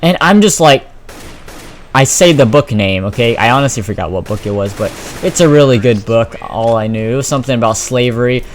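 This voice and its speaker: A teenage boy vents about his school day in a casual vlog, swearing freely and sounding exasperated. His delivery is animated, with a mid-pitched voice. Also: fairly quick, slight background noise. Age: teens. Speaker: vlogger.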